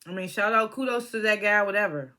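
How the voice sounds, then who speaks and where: A young adult vlogger reviews a reality show reunion in loose, blunt commentary, full of swearing and side-tracks. The voice sits at a middling pitch with a bright, sharp edge. The talk wanders, restarts and circles back on its points. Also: brisk. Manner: blunt, opinionated, profane; rambling with restarts and asides. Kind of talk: casual vlog commentary.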